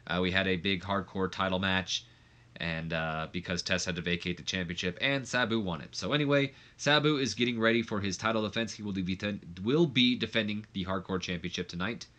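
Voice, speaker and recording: This let's play commentator is a young man with a low, brisk voice that sounds pushed and bright. He narrates a game casually and rambles, full of fillers and restarts, saying "like" a lot.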